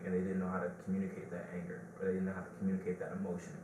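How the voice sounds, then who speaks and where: A man's voice: deep voice, monotone, very fast. A man with a Detroit accent hosting a podcast, chatting casually and telling stories with a loose, laughing delivery. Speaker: podcast host. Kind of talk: casual chat. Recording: roomy, distant mic with background hiss.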